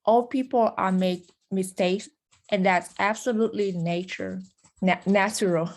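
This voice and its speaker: A woman's voice: mid-range voice, fairly even intonation, darkish tone. Careful woman reading out questions. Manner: careful, halting, slight slips in grammar. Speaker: moderator reading student questions.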